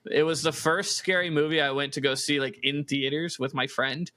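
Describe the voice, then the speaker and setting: A man's voice: a little high, moderate pace, dry recording. A man co-hosting a casual podcast, telling stories with lots of swearing and laughter. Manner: animated storyteller, swears, laughs through stories. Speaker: podcast co-host. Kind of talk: casual chat.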